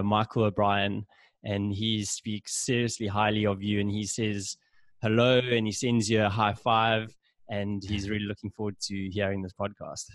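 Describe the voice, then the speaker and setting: A man's voice: fairly low pitch, no echo, clean studio sound. Laid-back South African man hosting. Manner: laid-back, laughs often, loose and chatty. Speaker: podcast host. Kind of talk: casual video-call interview. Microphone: video call.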